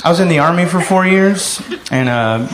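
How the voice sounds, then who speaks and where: High-voiced man doing stand-up in an echoey room. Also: lively intonation, moderate pace. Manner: profane storytelling, loud impressions of shouting. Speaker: stand-up comedian. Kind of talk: stand-up routine. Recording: echoey room with loud noise.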